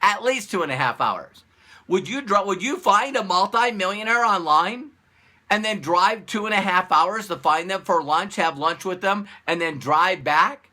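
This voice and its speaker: This is a man coaching business owners in a casual, animated motivational piece to camera, leaning on repetition and rhetorical questions. He has a high voice and keeps a moderate pace.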